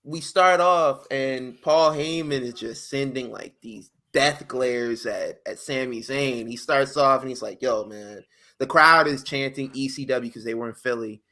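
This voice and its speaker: A bright, forward-voiced man chatting on a podcast. He tells stories in animated bursts and slips into slangy acted-out quotes. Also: mid-range voice, a little slow. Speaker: podcast co-host. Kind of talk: casual chat.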